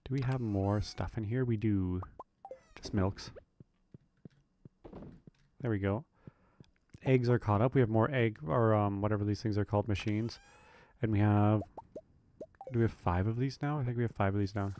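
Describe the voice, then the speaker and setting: A man's voice: lowish voice, steady tone, moderate pace, long pauses, mellow, slight background noise. A man casually commenting on his own farming game playthrough, chatty and rambling with lots of fillers. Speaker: gaming video creator. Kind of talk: relaxed let's play commentary.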